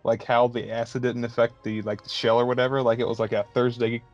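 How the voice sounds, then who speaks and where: A man's voice: mid-range voice, flat delivery, fast talker, muffled recording, soft background music. Blunt profane man on a podcast. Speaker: podcast co-host. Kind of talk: casual chat.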